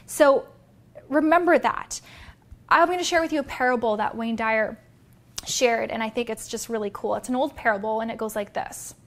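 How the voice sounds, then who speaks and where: Energetic woman coach talking straight to viewers, bright higher voice, motivational. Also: moderate pace. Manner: energetic, direct, addresses viewers. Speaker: business coach and vlogger. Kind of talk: motivational talk to camera.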